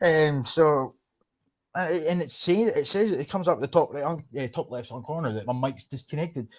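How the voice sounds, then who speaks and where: A man with a soft Scottish Highland accent chats on his livestream, swearing and rambling with sarcastic asides. His voice sits a bit higher than most men's. He speaks into a computer microphone. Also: normal speed. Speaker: livestream host. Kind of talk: casual livestream chat.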